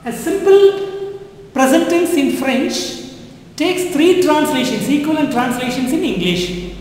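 High, lively woman teaching slowly in an echoey room. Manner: repetitive, coaxing learners to translate. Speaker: French teacher. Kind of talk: classroom-style language lesson. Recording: echoey room with long reverb.

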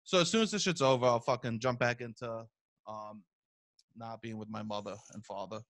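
A man, hosting a podcast in casual chat, loud and profane, telling animated stories. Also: medium pitch, a little fast. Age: 30s. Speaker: podcast host.

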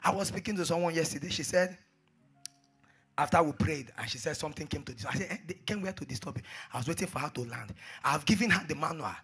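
A man preaching a sermon, repeating phrases and swinging between hushed asides and shouted exhortations. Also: on the high side, fast talker, breathy edge, soft background music.

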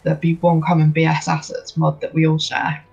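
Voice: medium pitch, completely flat delivery, moderate pace, creaky, a little mellow, slightly rough, soft background music. A stream host reading out viewer questions and explaining things at length, with many fillers. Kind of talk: casual stream Q&A. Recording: dull, lo-fi stream audio.

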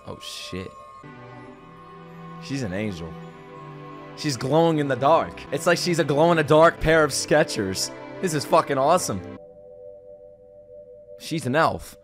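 Young man, anime reaction streamer, slightly high voice, excitable, profane, faint music behind. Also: unhurried, long pauses. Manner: loud, profane, excitable, jokey. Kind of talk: casual live reaction commentary.

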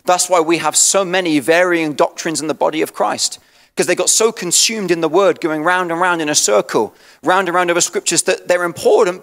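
An English man preaching a sermon as pastor, swinging from soft and low to loud and passionate, often repeating and restarting words. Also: brisk, big-room sound. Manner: restarts and repeats words, self-deprecating asides.

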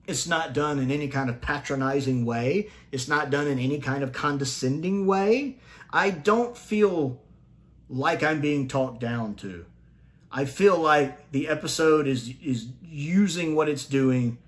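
In this casual spoken take on a TV episode, a man shares strong opinions while thinking aloud, frequently starting over and leaping up in pitch whenever he wants to stress something.

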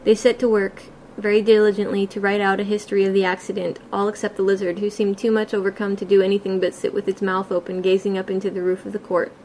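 A woman reading a classic children's novel aloud as an amateur audiobook, in a plain, unhurried way with occasional slips. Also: mid-range voice, flat delivery, a little mellow, a little hiss or hum, poor audio. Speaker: audiobook reader.

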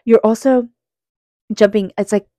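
A woman giving a psychic tarot reading, earnest and speaking straight to the listener, calm with slow passages. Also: fairly high pitch, dry recording, clean studio sound. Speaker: tarot reader.

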